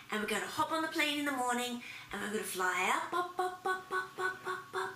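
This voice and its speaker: A woman's voice: high voice, sharp tone. An Australian woman demonstrating a playful preschool activity, acting things out as if for small children. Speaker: early childhood language teacher. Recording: echoey room with faint noise.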